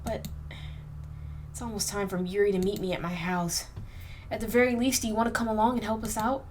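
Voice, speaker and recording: Expressive young woman gaming host. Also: medium pitch, fairly quick, a little hiss or hum. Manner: emotional, expressive, slangy. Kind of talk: let's play, reading a game aloud with commentary.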